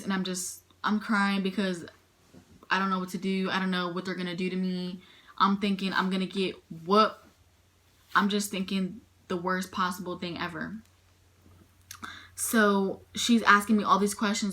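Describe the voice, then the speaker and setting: Young woman vlogging her story, bright voice, lots of "i'm like" quotes. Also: mid-range voice. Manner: emotional retelling, frequent "I'm like" quotes. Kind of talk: personal storytime vlog.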